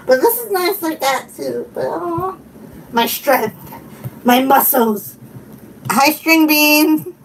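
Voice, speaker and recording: A giggly woman in casual live-stream chat, her voice high and her delivery unhurried. She sits some way from the mic, with faint noise behind her. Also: expressive, distant mic, poor audio. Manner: giggly, chatty, laughs often and reads chat aloud.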